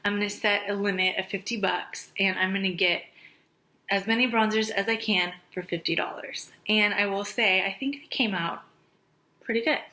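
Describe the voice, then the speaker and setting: Bright-voiced, chatty, breathless woman vlogger. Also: mid-range voice, steady tone, normal speed, poor audio. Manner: chatty, gushing, drops to a whisper on praise. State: out of breath, pregnant. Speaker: makeup artist and beauty vlogger. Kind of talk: casual beauty review chat.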